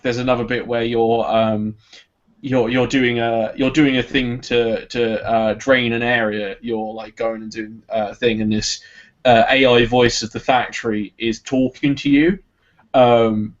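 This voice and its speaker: A man, chatting on a podcast about a game he enjoys, hesitant and full of restarts. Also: mid-range voice. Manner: rambling, hesitant, lots of ums and restarts. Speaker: podcast co-host. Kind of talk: casual chat reviewing a game. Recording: dull lo-fi podcast audio.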